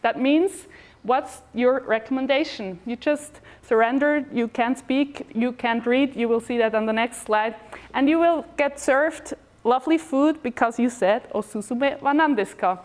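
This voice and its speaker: Lively woman giving a stage talk. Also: high-pitched, unhurried. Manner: lively, chatty, with fillers and restarts. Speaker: speaker at a talk event. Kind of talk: short presentation talk. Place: event hall.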